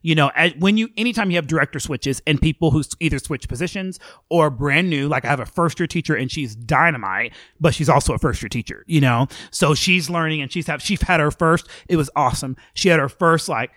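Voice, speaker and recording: A middle-aged man, a school band director, talking casually in an interview, animated and full of fillers. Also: on the high side, a little fast, dry recording, clean studio sound. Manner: chatty and animated, many fillers.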